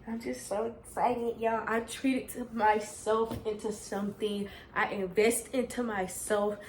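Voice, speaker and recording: Young woman, bubbly unboxing vlogger who keeps saying "y'all"; slightly high voice, roomy echo. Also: unhurried, slight background noise. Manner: gushing, excitable, talks straight to viewers with "y'all". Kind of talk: casual unboxing vlog.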